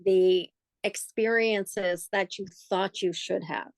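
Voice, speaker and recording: Earnest woman cohost, encouraging, mid pitch, dry sound. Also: steady tone, slow, no room sound. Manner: earnest, encouraging, poses questions to listeners. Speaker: co-host. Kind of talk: casual chat.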